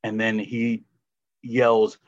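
A man's voice: on the low side, monotone, extremely slow, lo-fi sound. A man co-hosting a casual movie review podcast, sarcastic and prone to acting out quotes. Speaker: podcast co-host.

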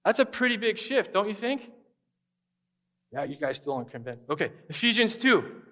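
Man preaching, pastor, high voice, animated, acts out voices. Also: moderate pace. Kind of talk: sermon.

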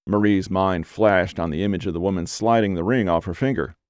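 Reading from a script, a man narrates an audiobook at an even, storytelling pace. His voice sits low, and there's no room sound.

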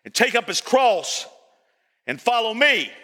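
High, bright-voiced preacher man in a church. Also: sing-song, measured pace, in a large hall. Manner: folksy, repeats phrases, rises to shouting. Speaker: pastor. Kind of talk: sermon. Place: church sanctuary.

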